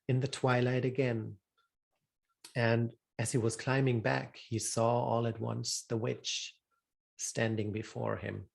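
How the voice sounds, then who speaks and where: Slow, measured male storyteller. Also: fairly low pitch, creaky. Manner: slow, measured, deliberate reading. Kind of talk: reading a fairy tale aloud.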